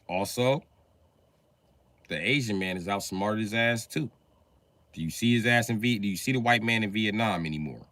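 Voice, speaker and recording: A man doing a profane comedy rant on a live stream, breaking into put-on voices. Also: no echo. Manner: profane, animated, acts out voices with big pitch jumps.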